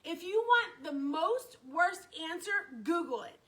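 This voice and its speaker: A woman's voice: very high-pitched, expressive, measured pace, fairly bright tone, poor audio. A woman telling a story on her live stream, chatty and repetitive, greeting viewers by name as she talks.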